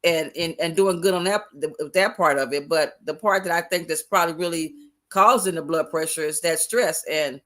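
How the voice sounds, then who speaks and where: A retired older woman chatting casually, telling stories with laughter and animated asides. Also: low-pitched, normal speed. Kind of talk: casual chat.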